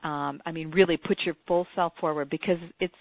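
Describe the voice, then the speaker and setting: A woman co-hosting a talk show, telling an anecdote in a lively way and acting out what people said. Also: sits low, brisk, no room sound. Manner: animated storyteller, acts out quotes. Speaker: podcast co-host, former radio interviewer. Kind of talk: casual chat, anecdote. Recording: dry, tinny phone-like sound.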